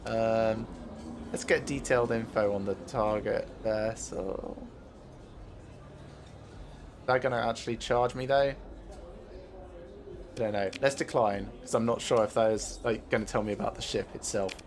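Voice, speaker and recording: A man giving casual gameplay commentary as a streamer, thinking aloud with many filler pauses. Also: on the low side, steady tone.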